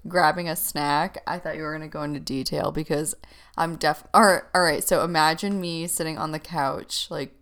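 A woman co-hosting a podcast in a casual chat, giving dry, low-key replies. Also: steady tone, normal speed, a bit bright. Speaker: podcast co-host.

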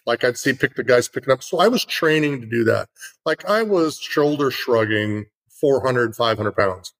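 A man's voice: medium pitch, lively intonation, moderate pace, fairly bright tone, low-quality recording. A middle-aged man in casual conversation, telling an earnest story with lots of fillers.

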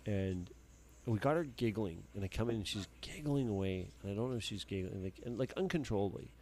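A man's voice: fairly low pitch, brisk, darkish tone, slight background noise. A man co-hosting a podcast, rambling casually and swearing freely. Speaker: podcast co-host. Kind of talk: casual chat.

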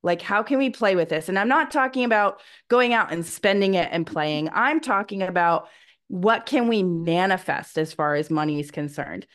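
A woman's voice: fairly low pitch, expressive, normal speed, a bit bright. A woman in her thirties co-hosting a podcast, speaking in a reflective, encouraging way about mindset. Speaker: podcast co-host. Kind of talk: casual podcast chat.

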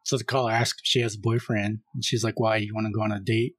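A man co-hosting a film podcast, casually recapping a horror movie scene by scene and reading the caller's lines flatly. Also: fairly low pitch, fast, breathy edge, no echo. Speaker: podcast co-host.

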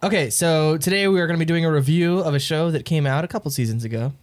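A man co-hosting a casual podcast, playful and animated. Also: on the high side, fast. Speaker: podcast co-host.

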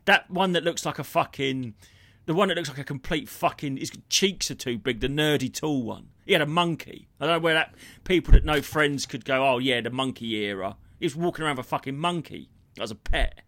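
A man, a comedian co-hosting a podcast, telling stories and ranting in a sweary, animated way. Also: on the high side, fairly quick, no echo. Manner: sweary, ranting, jumps between impressions and storytelling. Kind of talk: casual comedy chat.

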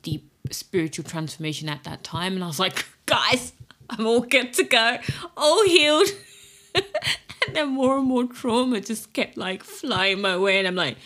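A woman's voice: mid-range voice, a bit bright. A woman in her thirties from Nigeria, with an English accent that shows slight Nigerian traces, hosting a podcast as a casual, reflective monologue, chatting, laughing often and restarting her sentences. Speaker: podcast host.

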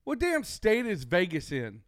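Man, texan accent, smooth clear voice, dry close sound, joking podcast banter. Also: high-pitched, wildly swooping pitch, unhurried, no echo. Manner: joking, exclamatory, drawling. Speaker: podcast co-host.

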